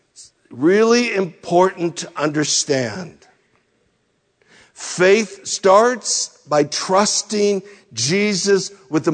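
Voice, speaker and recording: A man preaching a sermon as pastor, asking searching rhetorical questions one after another and letting phrases sink low at the ends. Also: in a large hall.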